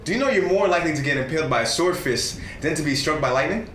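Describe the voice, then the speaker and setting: An actor playing a mooching, chatty young flatmate who rambles cheekily and theatrically. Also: male voice, fairly high pitch, fast talker, slight background noise. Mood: cheeky. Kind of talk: short film acting. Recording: roomy sound with music behind.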